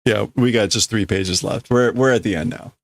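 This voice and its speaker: A man's voice: fairly low pitch, normal speed, creaky, dry recording, studio quality. A man casually translating manga on a live stream, thinking aloud, correcting himself and chuckling as he works out meanings. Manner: musing, self-correcting, chuckling.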